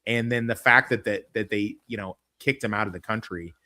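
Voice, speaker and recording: A man's voice: on the low side, fairly quick, noisy background. A man hosting a podcast, chatting casually and telling stories in a joking way. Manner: joking, animated storytelling. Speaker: podcast host. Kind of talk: casual chat.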